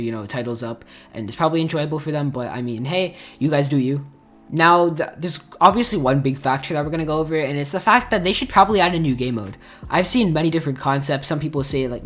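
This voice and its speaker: A man's voice: fairly high pitch, fairly bright tone. A young man talking casually as a gaming YouTuber, rambling with lots of filler words and bursts of mock outrage. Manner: rambling, full of "like" and "dude", mock-outraged rants. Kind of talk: casual gaming commentary to camera.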